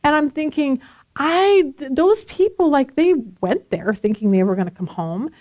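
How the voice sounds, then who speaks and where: A woman in her forties leads a relaxed Bible study and talks as if chatting with friends. Her voice sits a little high, and she tells stories with lively energy and frequent laughter. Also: normal speed, no echo. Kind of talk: casual Bible study teaching.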